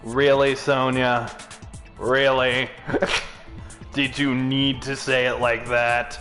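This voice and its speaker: A man's voice: mid-range voice, level tone, extremely slow, fairly bright tone, soft background music. A man hosting a let's play, making casual, teasing commentary with joking asides.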